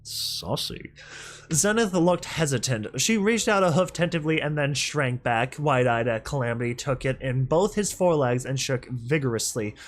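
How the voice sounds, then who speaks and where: A young man reading a story aloud and breaking off for excitable, laughing commentary. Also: medium pitch, normal speed, few pauses. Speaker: reader and commentator.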